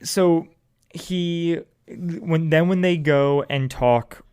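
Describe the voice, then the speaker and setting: A man's voice: fairly high pitch, very slow, clear, resonant tone. A man co-hosting a podcast in casual chat, recapping scenes and acting out lines. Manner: animated storyteller, recaps scenes and acts out lines. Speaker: podcast co-host.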